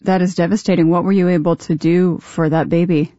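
A woman hosting a radio news program, presenting and interviewing in a composed, steady way. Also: lowish voice, brisk, no room sound, dull audio.

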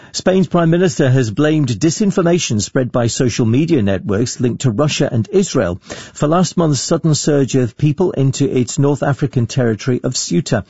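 Gravelly, mellow male newsreader. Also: mid-range voice, no room sound, lo-fi sound. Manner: measured, formal delivery. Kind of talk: radio news bulletin.

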